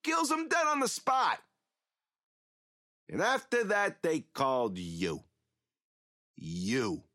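An actor playing a rambling, mocking killer who taunts a captive priest in an audio drama. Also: male voice, high voice, very animated, takes it slowly, long pauses, bright, forceful tone, no room sound, studio quality, heavily acted. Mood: taunting.

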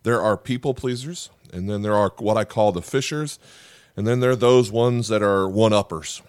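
A man's voice: fairly low pitch, normal speed, darkish tone, dry recording, clean studio sound. A middle-aged man, a pastor and podcast host, giving a sermon in an earnest, conversational way, with frequent "uh" fillers and restarts.

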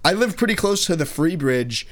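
A man's voice: a little high, animated, normal speed, a bit bright. A man in his twenties telling rambling, profane stories in casual chat, full of restarts. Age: 20s.

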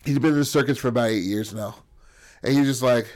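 A man's voice: medium pitch, fast, darkish tone. A man improvising a crude comic story, rambling and profane, checking in with "bro" and "right?".

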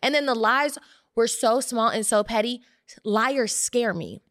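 A woman's voice: unhurried, no room sound, studio quality. A young woman co-hosting a podcast, telling a personal story in casual chat and acting out the quotes. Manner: animated storyteller who acts out quotes in higher voices. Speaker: podcast co-host.

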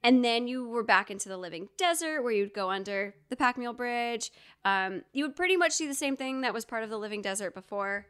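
A woman co-hosting a casual podcast, rambling happily through stories with fillers and side remarks. Her voice sits a touch high. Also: expressive, brisk, a bit bright, clear, resonant tone. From Georgia, US. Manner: chatty storyteller, many fillers and asides. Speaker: podcast co-host. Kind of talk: casual chat.

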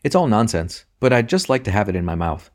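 A man's voice: on the low side, very animated, fairly quick, a little mellow. A man reading a sly, coaxing baker. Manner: coaxing, insinuating. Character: sly, scheming middle-aged male baker. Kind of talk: audiobook reading.

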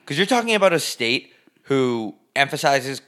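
A man with a crisp, bright voice co-hosts a casual chat. His delivery is offhand and full of wisecracks. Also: mid-range voice, very animated, moderate pace.

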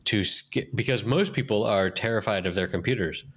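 A man's voice: on the low side, normal speed, fairly bright tone, breathy edge. A man hosting a casual chat, prompting his co-host with jokes and teasing questions. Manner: joking, self-deprecating prompts. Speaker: podcast host.

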